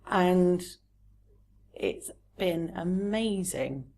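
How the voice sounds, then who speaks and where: A woman's voice: on the low side, expressive, drawn-out words, a little mellow. A woman talking openly and earnestly as a guest in a casual podcast chat. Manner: earnest, open, personal.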